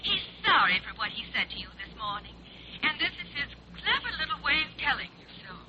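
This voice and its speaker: A woman's voice: sits high, very animated, fairly quick, music in the background. An actress playing a doting older mother who calls her daughter on the phone, sentimental and gushing, in 1950s radio sitcom style. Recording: hissy old radio broadcast, muffled.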